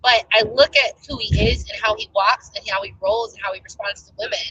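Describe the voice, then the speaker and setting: A young adult woman giving casual relationship advice as a coach, animated and emphatic as she tells stories. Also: medium pitch, a little fast, slightly rough, lo-fi sound. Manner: animated, emphatic storytelling with acted-out rants.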